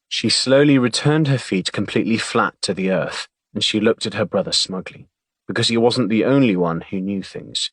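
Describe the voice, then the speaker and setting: Male audiobook narrator, low, wry, dry studio sound. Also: no room sound. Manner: measured, wry storytelling.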